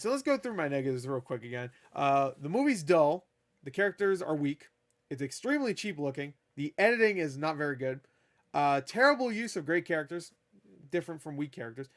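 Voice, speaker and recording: A man with a fairly high voice rambling through a casual film review, swearing often and leaning into sarcasm. He talks at a table indoors, loose and unscripted. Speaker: movie reviewer.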